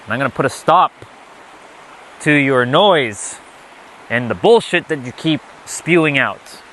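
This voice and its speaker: A man's voice: mid-range voice, animated, a little slow, a bit bright, slight background noise. A man giving an unscripted spiritual lesson, blunt and emphatic, often swearing. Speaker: spiritual teacher.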